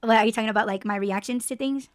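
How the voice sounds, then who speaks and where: A woman hosting a casual podcast chat, talking in an excitable, expressive way and laughing often. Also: on the high side, very fast, dry recording, studio quality. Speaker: podcast host.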